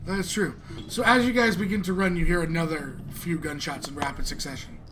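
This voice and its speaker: A man narrating a tabletop game as game master, animated and often laughing as he describes the action. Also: fairly high pitch, fairly quick, a crowd in the background.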